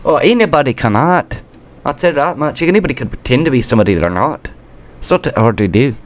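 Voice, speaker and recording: A man's voice: medium pitch, animated, quick pace. A man from the United States hosting a political commentary rant, combative and sarcastic, now and then stumbling over words and restarting. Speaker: commentary channel host.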